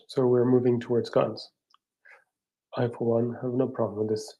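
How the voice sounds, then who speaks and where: A man hosting a casual live audio chat, speaking English as a second language in a rambling, halting, self-deprecating way. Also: medium pitch, level tone, mellow, poor audio. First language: not English. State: tired, up at four in the morning. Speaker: host.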